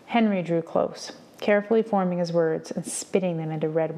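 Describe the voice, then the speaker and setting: Low, gravelly woman reading aloud. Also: normal speed, hardly any pauses, warm tone. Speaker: reader. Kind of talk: reading a novel aloud for students.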